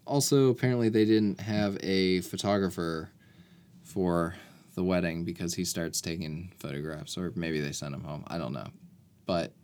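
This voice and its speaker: A man with a fairly low voice chats casually about a film. He rambles through the plot, often breaking off and correcting himself. He sounds relaxed and conversational. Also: normal speed. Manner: rambling, self-correcting retelling. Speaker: podcast co-host. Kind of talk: casual movie recap chat.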